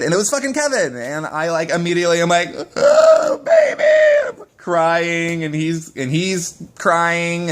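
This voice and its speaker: A man's voice: fairly high pitch, a bit bright. A young man vlogging straight to camera in casual talk, emotional and upset, swearing often and restarting his sentences. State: upset, shaken. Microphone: camera mic, face-to-face video.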